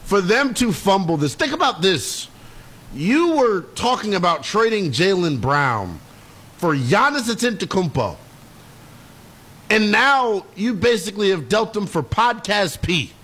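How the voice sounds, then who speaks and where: Young man, sports radio co-host, bouncy high voice, opinionated, playful. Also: sing-song, unhurried, a bit bright, husky. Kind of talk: sports talk radio banter.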